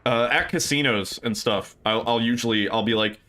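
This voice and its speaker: A man's voice: mid-range voice, moderate pace, pushed and bright. A young man livestreaming, chatting casually with viewers, rambling with fillers, laughing often and swearing freely.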